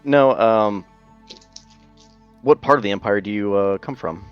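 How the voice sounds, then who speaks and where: A man's voice: fairly low pitch, a little slow, smooth, soft background music. A man playing his character at a tabletop game, talking plainly and hesitantly with many ums. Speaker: player. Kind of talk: in-character tabletop role-play. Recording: dull lo-fi mic.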